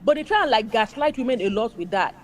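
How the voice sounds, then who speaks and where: A woman's voice: a little high, expressive, fast. A woman speaking emphatically in casual chat, mimicking other people's voices as she makes her points. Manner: emphatic, acts out quoted people.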